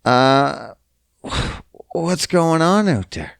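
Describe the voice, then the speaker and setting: A man's voice: mid-range voice, big pitch swings, slow pace, clean tone, no echo, studio quality. A young man from Canada hosting a podcast, ranting in a profane, exasperated and mocking way. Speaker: podcast host. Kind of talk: casual solo rant.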